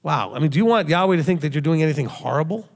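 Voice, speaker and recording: A man's voice: on the high side, animated, very fast, vocal fry. A male rabbi giving a conversational sermon, emphatic and full of rhetorical questions he answers himself. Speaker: rabbi teacher. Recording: long hall reverb.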